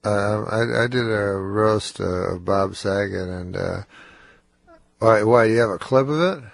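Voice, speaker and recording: A congested man with a lowish, creaky, nasal voice mumbles and slurs a little slowly, groggy from cold medicine. He's a comedian guest on a radio studio interview, self-deprecating and laughing often, recorded on a studio microphone with no room sound.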